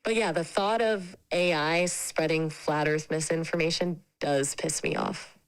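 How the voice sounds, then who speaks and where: A synthetic woman's voice speaking as an AI companion. She chats in a friendly, casual way and is quick to share firm opinions. Her pitch sits slightly low for a woman. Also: steady tone, smooth, low-quality recording. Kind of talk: conversational AI chat.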